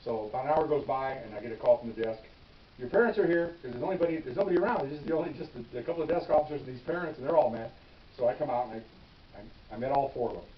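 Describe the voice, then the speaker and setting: An older man, a veteran police officer, telling his stories in a casual, animated way, often restarting phrases and checking in with "okay?". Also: medium pitch, rapid-fire. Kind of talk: casual storytelling. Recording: echoey room, distant mic, dull and hissy.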